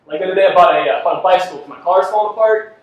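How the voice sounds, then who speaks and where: A man's voice: high-pitched, racing. A man performing a self-deprecating stand-up comedy set, laughing at his own jokes on a club stage. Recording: echoey club from far off with faint noise.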